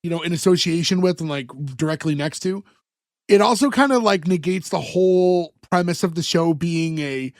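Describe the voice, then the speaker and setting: A man's voice: high voice, normal speed, no room sound, clean studio sound. A man co-hosting a podcast, casually recapping a TV episode and quoting the characters as he goes. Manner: retells scenes, quoting characters in passing. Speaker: podcast co-host.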